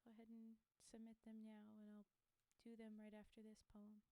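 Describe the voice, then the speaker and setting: On a live stream, a woman reads poems aloud into a desk mic, breaking off for chatty, self-deprecating comments to her viewers. Her voice is fairly high but monotone, with a dark tone and a moderate pace.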